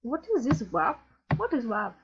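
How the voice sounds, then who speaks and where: Woman doing a pious Somali immigrant gamer, Somali accent, broken English, moralizing, high husky voice, muffled recording. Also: sing-song, normal speed, fairly bright tone, exaggerated voice. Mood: disapproving. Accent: put-on Somali accent. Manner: preachy, scandalized, broken English. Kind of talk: in-character troll gameplay commentary. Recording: dull lo-fi recording.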